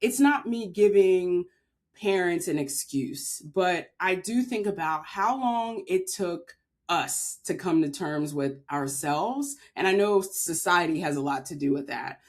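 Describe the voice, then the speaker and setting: A woman's voice: fairly low pitch, animated, a little slow. A woman from Maryland, a podcast guest, telling a personal story in an earnest, heartfelt way with frequent filler words. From Maryland, USA.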